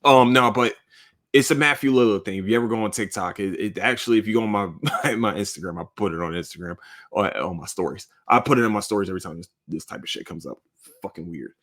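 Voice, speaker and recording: A man's voice: fairly low pitch, quick pace, a bit bright. Profane, rambling man hosting a podcast. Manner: profane, rambling, emotional, talks straight to listeners. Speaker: podcast host. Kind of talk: casual solo monologue. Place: cold room indoors.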